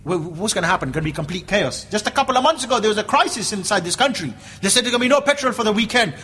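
A man's voice: high-pitched, expressive, racing, sharp tone, slight background noise. A man giving an impassioned religious lecture, emphatic and full of rhetorical questions and repeated phrases. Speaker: Islamic preacher.

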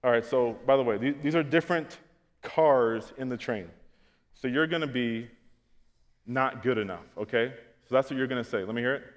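A man preaching a sermon to his congregation, telling comic stories and acting out scenes, swinging from loud to quiet. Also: medium pitch, moderate pace, big-room sound. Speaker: pastor. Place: church auditorium, on stage.

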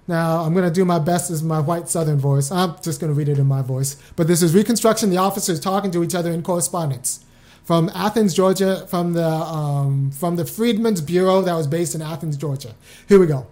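A woman's voice: on the low side, fairly quick, dark tone. A middle-aged woman hosting a casual commentary show, talking wryly and reading out old letters. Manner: conversational, wry, speeds up when emphatic.

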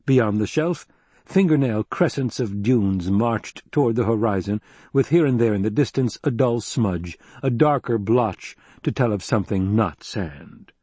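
A man narrating an audiobook in a steady, even-toned way. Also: fairly low pitch, unhurried, breathy edge, dry recording. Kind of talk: scripted narration.

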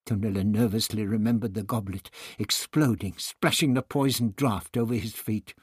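A man reading a novel aloud in measured scripted narration. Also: lowish voice, husky, no echo, clean studio sound. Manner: measured storytelling. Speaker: audiobook narrator.

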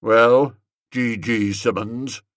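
A man voicing a pompous young gentleman who hands out school prizes in a cold, blustering, accusing manner. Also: medium pitch, steady tone, very slow, dry recording, studio quality. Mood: cold hectoring.

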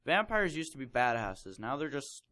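A man's voice: medium pitch, very animated, normal speed, bright, forceful tone. A young man reading a fan fiction aloud in a casual comedic chat, mocking it and laughing often. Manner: mocking, laughs often, puts on silly voices for quotes.

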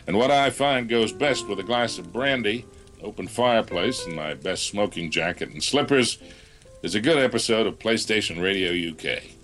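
A man's voice: lowish voice, normal speed, a bit bright. A man doing a pompous, languid scripted promo read for a podcast. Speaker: voice actor doing a show promo. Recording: faint music behind.

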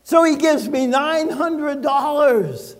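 An older man preaches slowly, drawing out his words with dramatic pauses and a wry, joking storytelling manner. His voice sits high for a man. The sound carries a long reverb from a church sanctuary. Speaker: pastor. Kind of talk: sermon.

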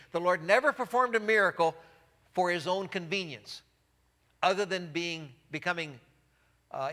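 A man preaching a sermon as pastor, emphatic and repeating key phrases, dropping to a quiet low voice for solemn lines. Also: big-room sound.

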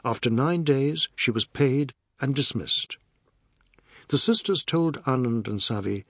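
A man narrating a novel as an audiobook in a measured, expressive reading. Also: medium pitch, dry recording, clean studio sound.

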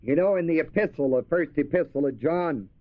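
Preacher guy with a high voice, repeats words to hammer them home, dull dry lo-fi tape. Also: brisk, no room sound. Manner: asks the audience questions and answers them; repeats key words for emphasis. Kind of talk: sermon.

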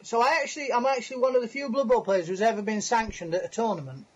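A man's voice: extremely high pitch, fast, hardly any pauses. A man, a podcast guest on a video call, telling a long anecdote in a chatty, self-mocking way and laughing through his story. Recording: muffled lo-fi call audio.

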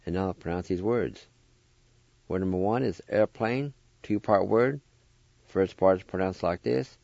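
A man hosting a radio language lesson, spelling words out letter by letter and repeating each syllable slowly and deliberately. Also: on the low side, creaky, a little mellow, no echo, muffled recording. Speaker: radio host teaching language vocabulary.

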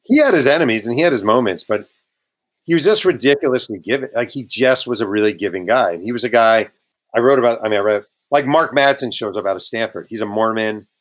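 Man telling lively sports anecdotes. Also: medium pitch, fast. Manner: animated anecdote telling with quoted voices. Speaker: guest author. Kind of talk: casual storytelling interview.

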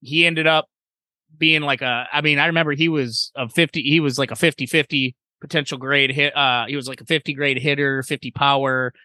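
Bright, excitable man talking baseball. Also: mid-range voice, brisk, no echo. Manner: excitable, swears freely, repeats phrases. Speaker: podcast co-host. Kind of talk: casual sports chat.

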